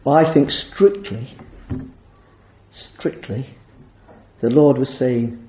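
A man preaching a sermon, emphatic and full of rhetorical questions, with sharp rises and drops in loudness. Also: medium pitch, slow pace, long pauses. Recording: roomy, dull church sound.

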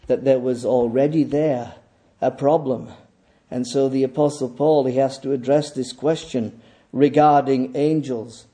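A man preaching a sermon in a measured, emphatic way, pausing deliberately between phrases. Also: medium pitch, warm tone.

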